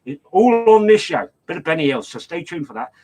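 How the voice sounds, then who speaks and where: An older man presenting a radio show, chatting casually and rambling as he reads out track details and shout-outs. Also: on the high side, sing-song, a little fast, poor audio.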